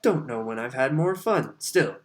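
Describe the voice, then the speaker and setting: A man's voice: mid-range voice, lively intonation, normal speed, close to an everyday voice. A man voicing a jolly, carefree middle-aged official in an audiobook, talking breezily and waving worries aside. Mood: breezy. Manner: hearty, carefree, brushing off worries.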